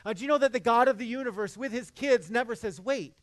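A man's voice: very high-pitched, fast, fairly bright tone, no room sound. A man in his thirties preaching a sermon in an earnest, conversational way, often restarting his sentences. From Midwest United States. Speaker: pastor.

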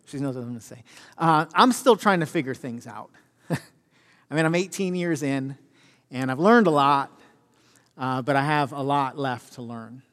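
A man's voice: medium pitch, unhurried, a bit bright. A man giving a sermon as pastor, conversational and self-deprecating, full of fillers. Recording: long reverb of a church hall.

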